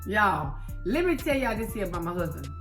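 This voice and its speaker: Lively laughing woman host. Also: mid-range voice, a little fast. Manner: animated, laughing, addressing viewers as y'all. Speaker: show host, wife. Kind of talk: casual chat on an eating show. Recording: echoey room, faint music.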